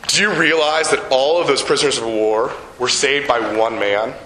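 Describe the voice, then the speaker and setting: Bright-voiced older man preaching in an echoey room. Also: mid-range voice, steady tone, a little hiss or hum. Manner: storytelling, slows down for emphasis, asks the audience questions. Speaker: pastor. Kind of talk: sermon.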